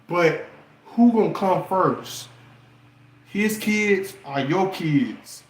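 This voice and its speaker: Man, high voice, preachy advice rant, rhetorical questions, echoey room with faint hum. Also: animated, very slow. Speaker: relationship and astrology vlogger. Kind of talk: casual advice monologue.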